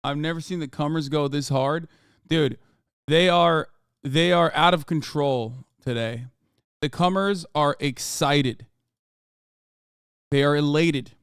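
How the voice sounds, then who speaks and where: Male streamer, smooth dry close voice, sweary and emphatic, fairly high-pitched. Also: takes it slowly, long pauses, no room sound. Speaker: streamer reacting to news. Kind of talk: profane live-stream rant.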